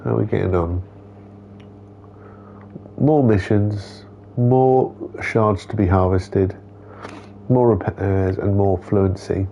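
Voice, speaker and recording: A man's voice: lowish voice, steady tone, slow, creaky, pauses often, warm tone, dull audio, a little hiss or hum. A man streaming a game, chatting casually, talking to the characters and reading their dialogue aloud. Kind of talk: casual gameplay commentary.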